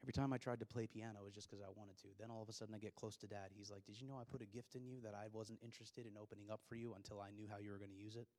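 A young man preaching a sermon, telling stories and swinging from hushed, intimate lines to loud, excited ones. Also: fairly low pitch, very fast, few pauses, long reverb tail. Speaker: pastor.

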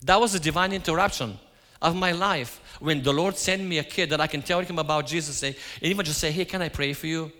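A man's voice: fairly high pitch, a little fast, pushed and bright. A man giving a sermon, telling stories and acting out his own quoted lines. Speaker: preacher. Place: church. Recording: hall reverb.

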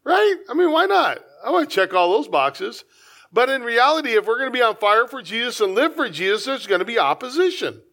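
High-voiced man preaching a sermon. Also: animated, brisk, pushed and bright. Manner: conversational preaching with acted-out asides. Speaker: pastor.

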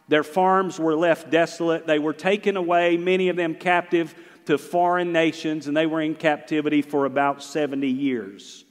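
A middle-aged pastor preaches with a somewhat high voice, rising loud and dropping to a hush. His voice carries the long reverb of a church hall. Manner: preaching with swings from loud to hushed. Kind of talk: sermon.

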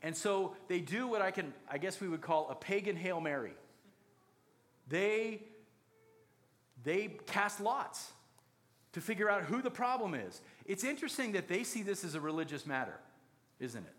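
A man's voice: sits high, big pitch swings, normal speed, pauses often, fairly bright tone. A man preaching a sermon, telling the story with jokes and acted-out quotes. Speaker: pastor.

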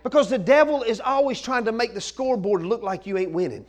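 Man preaching, very high voice, excitable, breaks into shouts, folksy and animated delivery. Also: a little fast. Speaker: pastor. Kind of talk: energetic sermon.

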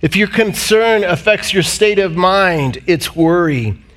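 A man preaching a sermon as pastor, swinging between loud emphatic peaks and low, quiet passages. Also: expressive, takes it slowly.

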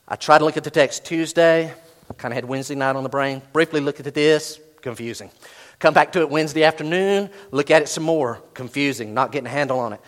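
A middle-aged man preaching a sermon, animated, swinging from loud bursts to hushed asides. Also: a little high, a little fast. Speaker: pastor.

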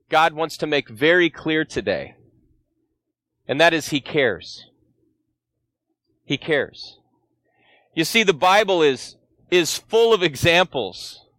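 High-voiced earnest guest preacher. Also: male voice, fairly bright tone, no echo. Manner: earnest storytelling with rhetorical questions to the congregation. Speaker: guest pastor. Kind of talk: sermon.

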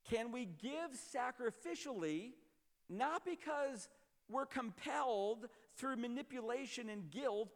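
A man preaching a sermon as a pastor, emphatic and explanatory, often dropping to a low, quiet voice. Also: in a large hall.

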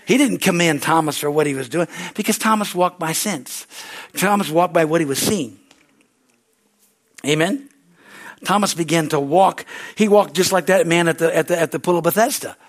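Fervent male preacher, fairly high voice. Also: normal speed. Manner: fervent, repetitive, call-and-response. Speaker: pastor. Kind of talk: sermon.

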